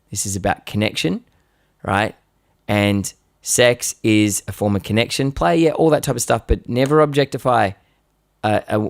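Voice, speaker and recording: Live-streaming from his studio, a man tells a story casually and animatedly, restarting often and swearing now and then. His mid-range voice comes through a live-stream microphone with no echo.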